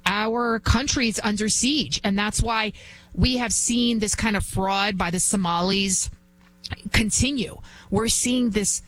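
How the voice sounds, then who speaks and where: A woman's voice: medium pitch, lively intonation, moderate pace, fairly bright tone, a little hiss or hum, poor audio. A woman hosting an opinionated political monologue, emphatic and repetitive. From United States. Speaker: political commentary host.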